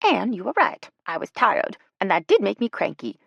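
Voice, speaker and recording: Fussy older woman, prim and touchy, voiced high by a female narrator. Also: very animated, normal speed, gravelly, fairly bright tone, husky, dry recording, highs cut off, heavily acted. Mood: huffy. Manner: prim, huffy, high-strung.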